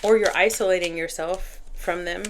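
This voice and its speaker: A woman's voice: on the low side, steady tone, moderate pace, slight background noise. A woman giving a casual tarot reading, talking to the cards and spirit as she shuffles. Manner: talks to cards and spirit while shuffling, chatty. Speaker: tarot reader.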